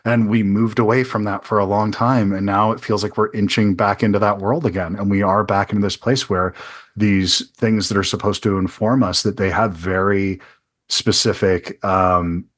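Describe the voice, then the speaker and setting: Earnest low-voiced male podcast host. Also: fairly even intonation, normal speed. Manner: earnest, thinking aloud with many restarts. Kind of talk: casual interview conversation.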